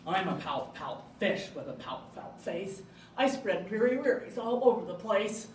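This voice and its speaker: A woman's voice: medium pitch, expressive, unhurried, a little hiss or hum, lightly acted. A woman voicing a gloomy, sulking male fish in a storybook reading, with a droning sing-song chant. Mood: mopey. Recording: echoey room, mic far off.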